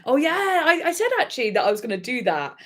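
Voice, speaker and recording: A woman's voice: sits high, sing-song, fast talker. A woman hosting a casual live chat with viewers, talking in a chatty, giggly way with lots of fillers and restarts. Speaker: livestream host reacting to music.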